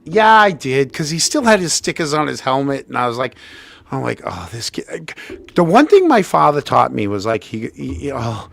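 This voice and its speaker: Gravelly man telling a lively story. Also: normal speed. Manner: animated, acts out quotes with big pitch jumps, frequent restarts. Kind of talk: casual anecdote telling.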